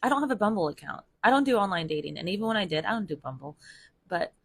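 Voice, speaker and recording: A woman's voice: medium pitch, expressive, quick pace, breathy edge. A young woman telling a wild story in a chatty, incredulous, rambling way. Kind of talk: casual storytime.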